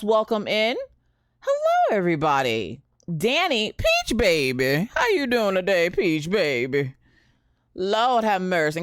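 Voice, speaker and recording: A woman in her thirties chats casually on a live stream, animated as she greets viewers by name, tells a story and uses a Southern "y'all". Her medium-pitched voice is clear and resonant, with studio-quality sound and no room sound.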